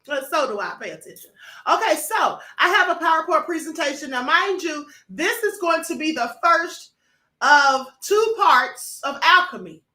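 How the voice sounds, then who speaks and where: A woman's voice: high-pitched, very animated, normal speed, pushed and bright, reverberant. A woman hosting a live stream for members, chatting casually, greeting viewers by name and calling them honey and beloved. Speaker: host. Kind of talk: livestream talk to members.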